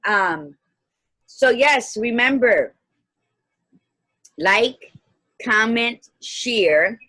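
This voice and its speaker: A woman in her fifties co-hosting a casual livestream chat, lively and laughing, dropping Spanish greetings. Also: a little high, extremely slow, no echo. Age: 50s. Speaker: co-host, life coach. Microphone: video call.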